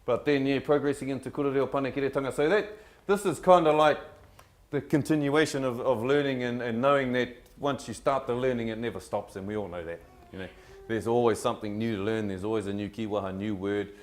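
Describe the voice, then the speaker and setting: A man with a New Zealand accent speaks to a live audience in a voice of middle pitch. He rambles in a relaxed way and drops Māori words into his English. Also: a little fast. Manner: laid-back, rambling, mixing in Māori words. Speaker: co-presenter of a language workshop. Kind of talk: casual storytelling to a live audience.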